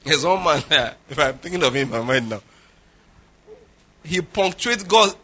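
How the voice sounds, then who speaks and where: A man's voice: a little high, animated, unhurried, pushed and bright. A Nigerian man preaching a sermon as pastor, telling humorous stories and acting out conversations. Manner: humorous storytelling, acts out dialogue, laughs often.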